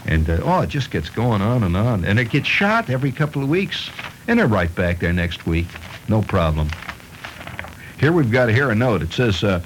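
Animated joking male radio host. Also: lowish voice, normal speed, a little hiss or hum, poor audio. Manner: playful storytelling with chuckles. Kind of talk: comic news reading.

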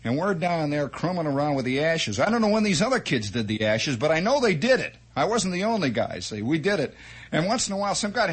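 A man telling a comic childhood story as a monologue, animated and chatty, with asides and mouth sound effects. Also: on the high side, a little fast, husky. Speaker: radio storyteller.

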